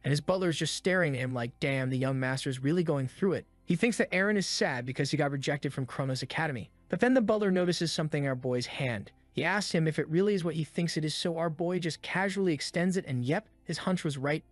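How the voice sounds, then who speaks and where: A man's voice: on the high side, quick pace, few pauses, dry recording. Laid-back man narrating a story recap. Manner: laid-back, slangy, wry.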